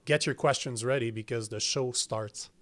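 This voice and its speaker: A man's voice: mid-range voice, steady tone, normal speed, heavy background noise. A man with a French accent hosting his podcast, blunt and emphatic and swearing casually. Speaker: podcast host. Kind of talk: casual interview talk.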